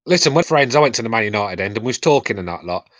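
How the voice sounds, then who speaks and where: A man from England with a Midlands accent, co-hosting a podcast in blunt, swearing, rapid banter. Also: fairly low pitch, lively intonation, no echo, muffled recording, soft background music. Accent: English Midlands. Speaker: podcast co-host. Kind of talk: casual chat.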